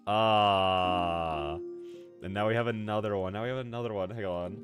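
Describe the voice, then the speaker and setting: A man's voice: fairly low pitch, steady tone, normal speed. A man streaming casually, chatting with his viewers as he reads a story, laughing often and repeating himself. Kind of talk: casual livestream chat. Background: music playing.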